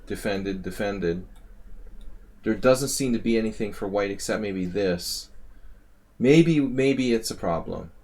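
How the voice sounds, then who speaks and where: A man's voice: on the low side, a little mellow. A man coaching chess over a live stream, thinking aloud in a chatty way and catching himself mid-thought as he walks through a game. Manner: thinking aloud, quick corrections, chatty asides. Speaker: chess coach analyzing subscriber games.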